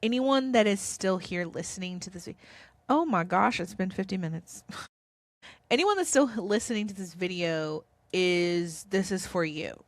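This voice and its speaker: A woman's voice: medium pitch, expressive, a little slow, no room sound, clean studio sound. A woman vlogger talking to camera about spirituality in an earnest, reassuring, rambling way. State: tearful. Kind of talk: casual spiritual talk to camera.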